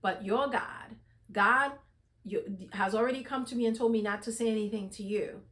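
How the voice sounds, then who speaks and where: A woman's voice: on the high side, fairly even intonation, moderate pace, a bit bright, lightly acted. A woman voicing an older man who grudgingly concedes and reasons his way to a truce.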